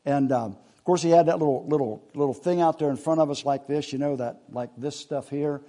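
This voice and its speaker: A man's voice: on the high side, a little fast, mellow. A man, telling a rambling hunting story in a casual, folksy way with laughs along the way.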